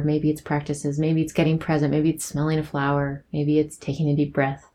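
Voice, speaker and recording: Young female podcast host, casual and giggly, speaking softly with a dark, husky-low voice. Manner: rambling, giggly, soft-spoken. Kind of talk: casual solo podcast reflection.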